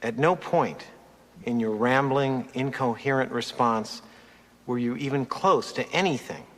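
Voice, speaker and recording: A man's voice: mid-range voice, a little slow, fairly bright tone, lightly acted. A man playing back a clip of a stern man delivering a cold, scornful putdown, heard from a distance with a long echo.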